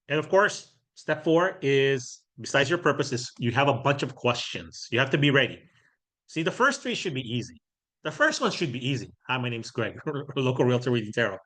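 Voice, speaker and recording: A man's voice: fairly high pitch, sing-song, normal speed, sharp tone. A middle-aged man teaching a workshop, talking casually and often checking in with "right?" while he acts out sample doorstep lines. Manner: conversational, keeps checking in with "right?". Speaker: real estate trainer.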